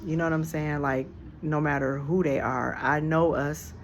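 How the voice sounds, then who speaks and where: Relaxed, slangy porch storyteller on a phone. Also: mid-range voice, moderate pace, slight background noise. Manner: conversational, reflective, slangy. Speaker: storyteller vlogger. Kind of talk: casual spoken storytelling. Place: outdoors on a porch. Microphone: phone held in hand.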